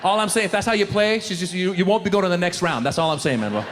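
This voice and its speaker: A man's voice: high voice, quick pace, in a large hall. A middle-aged man doing stand-up on stage, acting out voices and sounds with lots of energy. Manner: animated, acts out voices and sounds. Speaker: stand-up comedian. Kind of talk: stand-up comedy set. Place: comedy stage before a live audience. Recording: live show with loud crowd laughter and noise.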